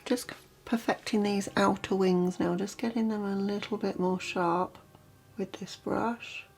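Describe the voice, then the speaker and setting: A woman vlogger talking through a makeup look step by step in a relaxed, chatty way. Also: mid-range voice, normal speed, vocal fry. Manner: chatty, relaxed, explains as she works. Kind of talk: makeup tutorial narration.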